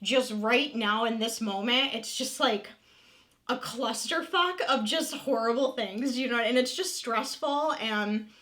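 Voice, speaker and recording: A woman's voice: fairly high pitch, unhurried, fairly bright tone. A woman in her thirties talking candidly in a casual confessional vlog, emotional and open, swearing freely and filling her talk with "like". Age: 30s. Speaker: vlogger.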